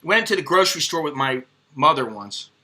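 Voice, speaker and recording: A man's voice: on the high side, expressive, fairly quick, sharp tone. An American man ranting bluntly and profanely in a casual vlog monologue. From United States. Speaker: expat vlogger.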